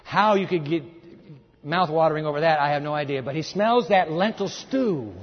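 Husky higher-voiced preacher man, lively sermon, big echoey hall, kinda muffled. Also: moderate pace. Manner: animated, acts out voices, urges the audience. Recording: echoey hall, dull lo-fi sound.

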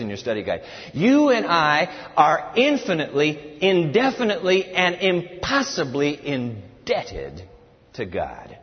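A man preaching a sermon to a congregation, animated, acting out a pleading servant in a whiny high voice. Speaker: pastor. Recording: dull, lo-fi audio with long hall reverb.

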